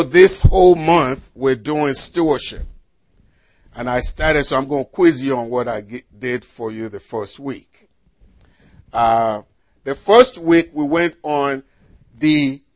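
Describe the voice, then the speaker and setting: Slow-speaking pastor man preaching. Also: mid-range voice, dry recording. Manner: slow, deliberate delivery with rhetorical questions to the congregation. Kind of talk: sermon with scripture reading.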